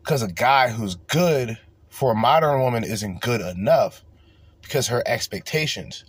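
A man's voice: medium pitch, animated, unhurried, breathy edge. A man hosting a solo podcast, ranting profanely and breaking into mocking voices. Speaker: podcast host.

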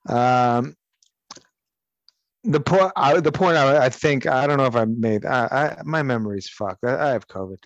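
A man's voice: medium pitch, measured pace, no echo, highs cut off. A man co-hosting a podcast, chatting casually, rambling and swearing, with strong opinions. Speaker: podcast co-host.

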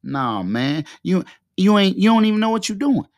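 A man's voice: sits high, big pitch swings, moderate pace, no echo, clean studio sound, voice pushed up. A man voicing a taunting inner voice of self-doubt that mocks and belittles with stammering jabs. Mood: mocking.

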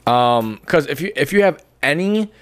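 A man's voice: a little high, animated, normal speed, smooth. A man co-hosting a podcast, talking in loose, jokey, swearing banter. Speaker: podcast co-host. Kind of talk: casual chat.

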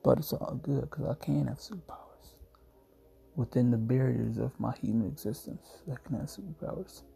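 A man's voice: medium pitch, moderate pace, gravelly, mellow. A young man hosting a casual solo podcast from home, groggy and yawning after a nap, rambling in a laid-back, jokey way. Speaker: podcast host.

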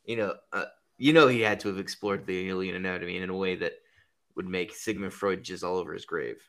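A man's voice: sits low, steady tone, fairly quick, fairly bright tone. A man hosting a podcast, rambling through crude, profane comedic banter and laughing at his own jokes. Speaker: podcast host.

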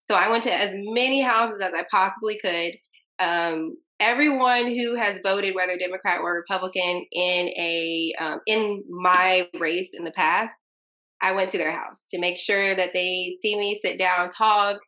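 A woman's voice: lowish voice, a little slow. A young woman from Tennessee, a county commissioner and interview guest, telling stories casually and acting out both sides of past conversations. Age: young adult. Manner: animated, acts out both sides of conversations in quoted voices.

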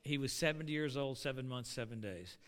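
A middle-aged man preaching a sermon, animated and building to shouts. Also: medium pitch, fairly quick. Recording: long reverb of a hall.

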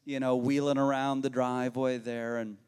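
A man's voice: mid-range voice, level tone, normal speed, a little mellow, clear, resonant tone. A male pastor delivering a sermon, telling a neighborhood story in a folksy, conversational way and speaking directly to his congregation. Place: church sanctuary. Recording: long reverb of a church hall.

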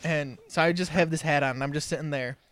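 A young man co-hosting a casual podcast, telling a childhood story with lively acted-out quotes and laughter. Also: a little high, fast, dry recording. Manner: animated storyteller, acts out quoted family voices and laughs through his story. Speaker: podcast co-host.

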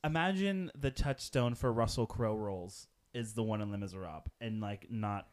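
A man co-hosting a casual movie podcast, chatting through a film with quick asides and frequent laughter. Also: fairly low pitch. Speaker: podcast co-host. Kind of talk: casual movie watch-along chat.

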